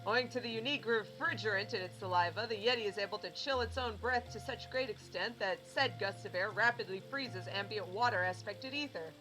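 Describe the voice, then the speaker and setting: A woman's voice: medium pitch, a little fast, few pauses, music in the background, poor audio. A woman streaming a game, chatting casually, laughing at herself, and reading ability tooltips aloud with small stumbles. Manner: self-deprecating, giggly, reads tooltips aloud with stumbles.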